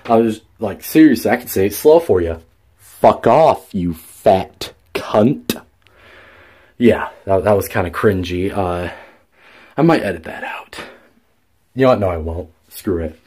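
A man's voice: low-pitched, expressive, moderate pace, warm tone, husky. A young man telling a story in a casual vlog, rambling with many fillers and restarts and swearing freely. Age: young adult. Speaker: vlogger.

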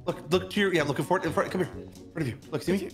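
A man's voice: sits high, rapid-fire, over music. A man in a multiplayer game session, rambling, joking and whining in casual banter over a voice call. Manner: rambling, jokey, whiny. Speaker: player.

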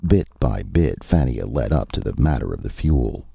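Very deep, gravelly male narrator. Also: no room sound, dull audio. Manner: measured, expressive storytelling. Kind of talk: audiobook narration.

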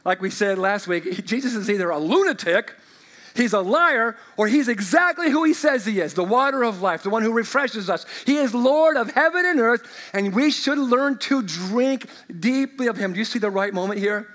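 A man preaching a sermon as pastor, swinging from loud proclamation to quiet, chatty asides. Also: very high-pitched, lively intonation, normal speed. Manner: chatty, uses sports illustrations and fillers.

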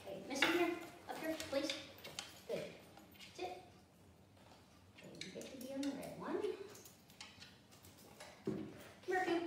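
Woman dog trainer, high voice, snapping quick commands between explaining stuff, echoey room, kinda far from the mic. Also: background noise. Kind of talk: hands-on training demonstration. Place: indoors at home with dogs.

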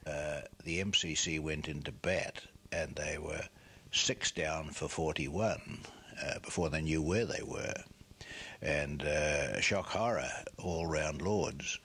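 A man's voice: a bass voice, takes it slowly, fairly bright tone, breathy edge. An older man, a former cricketer telling a rambling anecdote full of asides. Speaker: former cricketer recalling a tour. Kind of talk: anecdotal storytelling.

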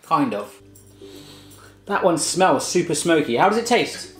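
Lively, playful man hosting a taste test. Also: a little high, measured pace, reverberant, faint music behind. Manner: playful, jokey, chatty. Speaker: host. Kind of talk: casual food taste-test chat.

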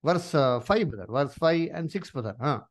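A man leads a Bible study. His pitch rises and falls in a lively way, and he keeps asking questions and leaning on "you see" and "uh" between phrases. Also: normal speed. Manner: many "uh" and "you see" fillers, rising questions to listeners.

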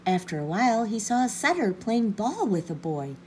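Mellow woman reading a children's story. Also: medium pitch, normal speed, slight background noise. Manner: expressive, gentle narration. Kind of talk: storybook read-aloud.

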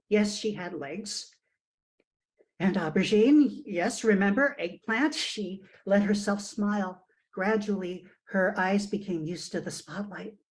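Woman, author reading her fiction aloud, expressive, shifting emphasis, middling pitch, video call mic. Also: poor audio. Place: remote virtual reading.

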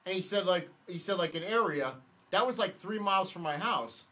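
A man with a fairly high voice tells a story casually. He rambles and keeps acting out what everyone said, one "he's like" after another. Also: animated, normal speed, bright, forceful tone. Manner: rambling, retells dialogue with lots of "he's like" and "I'm like". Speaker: podcast guest.

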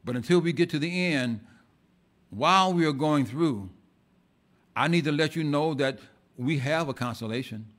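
Preaching fervently in a church, a male pastor speaks at normal speed with a fairly high pitch and long pauses. His sermon veers between loud outbursts and hushed asides, and he frequently repeats words.

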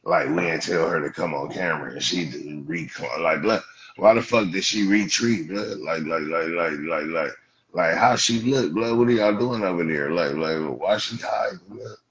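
Brief: deep male streamer, Los Angeles Black English, profane roast, keeps saying "blood", lo-fi sound. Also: normal speed. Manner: profane, mocking, repeats "blood" constantly. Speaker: livestream host. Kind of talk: roasting callers on a livestream. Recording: dull lo-fi stream audio.

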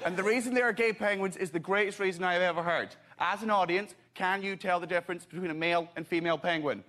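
A man performing stand-up comedy, telling a story in an animated, incredulous way. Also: high-pitched, fast talker.

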